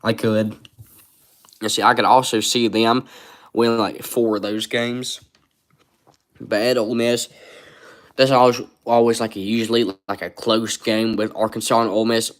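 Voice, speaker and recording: A man rambles through a casual sports live stream, stopping to read viewers' chat comments aloud. His voice sits low and stays fairly flat in pitch. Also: moderate pace, long pauses. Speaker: sports livestreamer.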